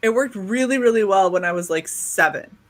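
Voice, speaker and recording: A woman's voice: medium pitch, brisk. A young woman hosting a casual panel chat, telling stories with lots of laughter and acted-out quoted voices. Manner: animated storyteller, laughs often, acts out quoted voices. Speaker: podcast host.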